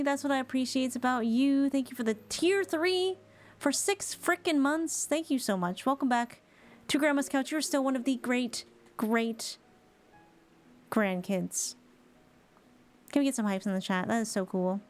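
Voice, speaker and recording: A woman's voice: high voice, unhurried. A woman streaming a game, reacting expressively and reading dialogue aloud. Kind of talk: let's-play commentary, reading dialogue aloud.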